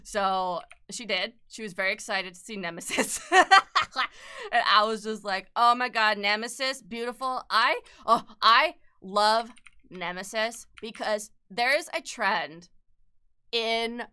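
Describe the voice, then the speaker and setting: A young adult woman chatting casually on an art livestream, excitable and gushing, swearing freely and laughing often. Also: mid-range voice, smooth. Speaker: artist livestreamer. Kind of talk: casual chat while drawing.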